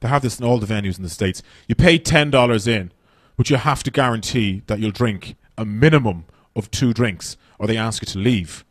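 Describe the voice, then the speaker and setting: A man's voice: on the low side, moderate pace, few pauses, no echo, clean studio sound. An Irish man doing stand-up comedy on a festival stage, brash and profane, rambling through his stories.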